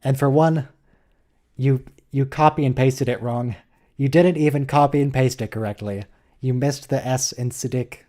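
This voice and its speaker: A man's voice: medium pitch, steady tone, moderate pace, warm tone. A man hosting a casual live watch-along, teasing a viewer and coaching pronunciation in a playful way. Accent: American. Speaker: host.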